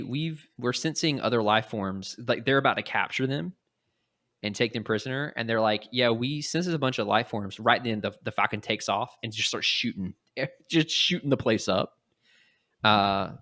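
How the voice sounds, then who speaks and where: In clean studio sound with no room echo, a podcast host with a mid-range voice casually retells a comic story. He's animated, acting out the characters' lines in quick little voices.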